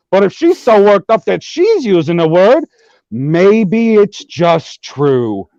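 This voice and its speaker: A man chatting as a guest on an online panel, telling wry stories in a drawn-out way and swearing. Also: high voice, sing-song, darkish tone, dry recording. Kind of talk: casual panel chat. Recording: dry lo-fi call audio.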